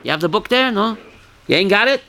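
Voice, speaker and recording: A man leading a Torah class, his high voice leaping up and down as he quizzes listeners by name. He has a bright, forceful edge and pushes hard when he wants a point to land. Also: animated, fairly quick, slight background noise. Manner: calls on listeners by name, asks questions, bursts loud. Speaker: rabbi teaching a class.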